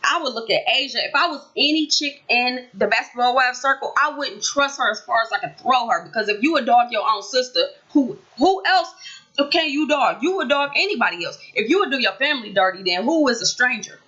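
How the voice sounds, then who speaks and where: Sassy, bright-voiced woman vlogger. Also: a little high, a little fast, muffled recording. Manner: animated, sassy, talks straight to viewers. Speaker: reality TV recap vlogger. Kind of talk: casual opinionated recap.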